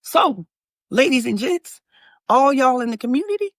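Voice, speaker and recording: A woman hosting her own channel, giving an animated, preachy motivational talk to viewers that she calls y'all, with frequent restarts. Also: high voice, normal speed, no room sound, studio quality. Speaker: manifestation coach and channel host.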